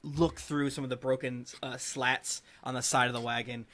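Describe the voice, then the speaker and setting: A man's voice: medium pitch, steady tone, normal speed, pushed and bright. A man running a tabletop game as dungeon master, narrating playfully with lots of fillers. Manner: playful, rambling, with many fillers.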